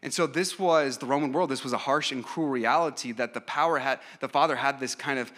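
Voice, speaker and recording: Bright-voiced preaching man. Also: medium pitch, brisk. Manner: earnest, emphatic preaching with frequent fillers and restarts. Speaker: pastor. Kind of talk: sermon.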